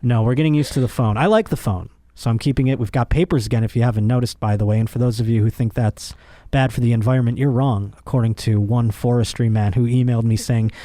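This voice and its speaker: A man's voice: quick pace, dry recording. Crude joking podcast host man. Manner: animated, crude, jokey, voice jumps high when worked up. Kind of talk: casual comedic rant.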